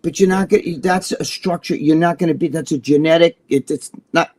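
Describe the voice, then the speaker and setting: A man with a high speaking voice cohosts a loose, casual talk show. He swears constantly, restarts his sentences and tells his stories with excitable energy. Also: fairly quick. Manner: profane, excitable storytelling with many restarts. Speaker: co-host. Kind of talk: casual chat.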